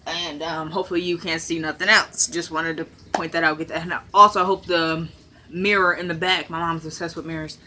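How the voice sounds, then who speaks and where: A woman with a low-sitting voice, level but sharp in tone and a little fast, chats casually to her phone camera, propped on something in her living room. She recaps a TV episode, acting out the characters' lines, with slight background noise.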